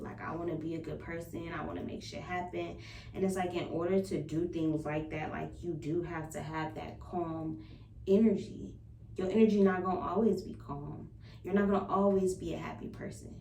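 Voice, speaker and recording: A young woman with a fairly low voice talks openly and bluntly in a personal vlog, swearing without restraint. She sits back from the mic in a roomy, echoing space, with faint ambience underneath. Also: gravelly, far from the mic, a little hiss or hum. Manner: frank and expressive, swears freely, laughs between thoughts. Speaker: vlogger and spiritual practitioner. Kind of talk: candid personal vlog monologue.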